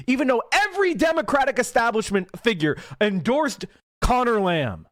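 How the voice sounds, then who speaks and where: A man's voice: very high-pitched, fairly bright tone, no echo, clean studio sound. A man from Pennsylvania hosting a political livestream, ranting angrily and swearing with heavy emphasis. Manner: angry, profane, emphatic. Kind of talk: heated livestream rant.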